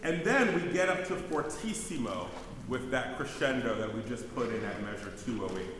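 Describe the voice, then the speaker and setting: A man's voice: mid-range voice, animated, moderate pace, fairly bright tone, a little hiss or hum. A man directing a choir rehearsal, counting in beats and singing example phrases between instructions. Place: rehearsal hall. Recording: roomy hall with long reverb, faint music.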